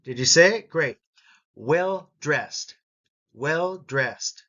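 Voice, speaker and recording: Male English teacher, a bit high-pitched, drilling words with clear syllable stress. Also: animated, extremely slow, sharp tone, lo-fi sound. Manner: models each word with clear stress, repeats for learners. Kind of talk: slow, deliberate pronunciation lesson.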